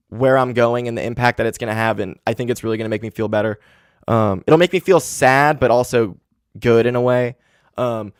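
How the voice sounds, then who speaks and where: A man in his twenties hosting a solo podcast, talking candidly and with grief, swearing often and filling pauses with "like". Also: medium pitch, no echo, clean studio sound. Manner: candid, grieving, heavy swearing and fillers. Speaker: podcast host. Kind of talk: casual solo podcast monologue. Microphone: handheld podcast mic.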